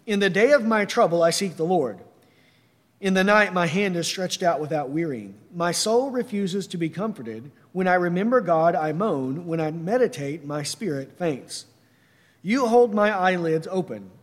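A man delivers a sermon in an earnest, steady way, reading scripture aloud and then explaining it to his listeners. His voice sits fairly high for a man. The recording carries a long reverb, as in a large hall. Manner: earnest, reads slowly then explains with "right?". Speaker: preacher.

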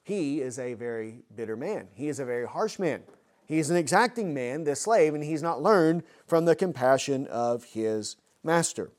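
A man's voice: medium pitch, lively intonation, moderate pace, darkish tone. A man preaching an expository sermon, earnest and full of rhetorical questions.

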